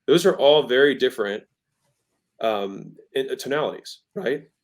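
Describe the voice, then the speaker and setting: Expressive and moderately paced, this medium-pitched male voice belongs to a podcast guest in his thirties. He teaches about sales in a casual, conversational way, speaking emphatically and frequently changing his tone to make points.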